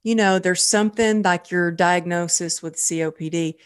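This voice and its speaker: A woman with a slightly low voice hosts a podcast. She chats casually and gushes over her guest with warm praise. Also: steady tone, moderate pace, clear, resonant tone. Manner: effusive, gushing with praise. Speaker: podcast host. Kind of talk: casual interview chat.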